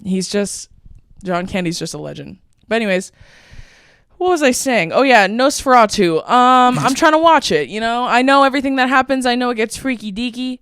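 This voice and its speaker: A woman's voice: a little high, lively intonation, moderate pace, a bit bright, clear, resonant tone, no room sound. A young woman co-hosting a podcast, chatting casually and telling long rambling stories with frequent laughs. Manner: rambling storytelling, laughs often. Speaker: podcast co-host.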